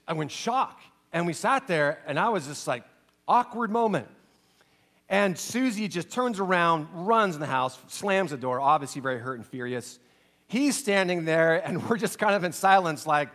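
Middle-aged male pastor, fairly high voice, earnest storyteller, goes soft and low when moved. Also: lively intonation, moderate pace. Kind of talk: sermon with personal story.

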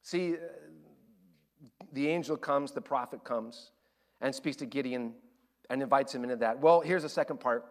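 A man preaching a sermon as pastor, swinging between loud, excited storytelling and quiet, earnest appeals. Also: medium pitch, normal speed.

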